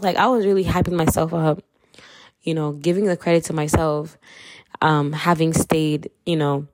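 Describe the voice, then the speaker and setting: A woman's voice: sits low, fairly even intonation, moderate pace, darkish tone, no echo. A young woman from Kenya with a light Kenyan accent, candidly sharing her faith story in a chatty, slangy way and laughing often. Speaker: podcast host. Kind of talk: casual faith testimony.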